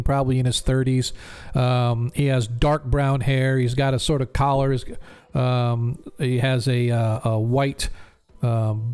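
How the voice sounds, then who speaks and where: A man's voice: mid-range voice, a little mellow, clear, resonant tone. Rambling male game master. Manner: rambling, many fillers. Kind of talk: narrating a tabletop game.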